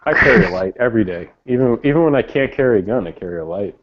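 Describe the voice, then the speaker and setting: A man's voice: fairly low pitch, expressive, very fast. A man telling rambling stories in casual chat, laid-back and full of slang. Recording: dull lo-fi audio.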